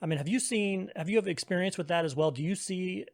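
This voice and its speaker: Male co-host, casual and conversational, slightly higher voice. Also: fast talker. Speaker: podcast co-host.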